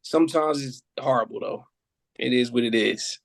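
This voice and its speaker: A man chatting casually on a podcast, relaxed and often asking "you know what I mean". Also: medium pitch, normal speed, creaky.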